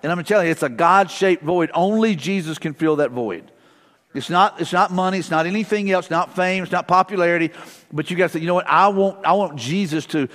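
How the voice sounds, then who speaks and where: A man's voice: a little high, fairly bright tone. A middle-aged male pastor preaching a sermon in a church, casual and conversational, mixing family stories with repeated short prayers. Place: church sanctuary. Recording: long church-hall reverb.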